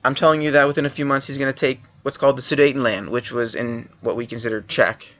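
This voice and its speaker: A man's voice: mid-range voice, steady tone, fast talker, fairly bright tone, dull audio. A male history teacher giving a casual classroom review lecture with joking asides.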